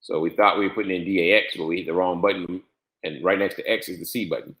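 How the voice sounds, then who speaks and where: A man with a fairly low voice walks through a software setup. He repeats key steps and spells out letters one by one. His voice echoes around the room. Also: fairly even intonation, quick pace. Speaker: trading software instructor. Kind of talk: screen-share tutorial walkthrough.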